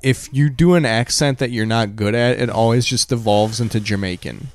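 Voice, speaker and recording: A man co-hosting a podcast, explaining things in relaxed casual chat. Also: mid-range voice, normal speed, no echo. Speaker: podcast co-host.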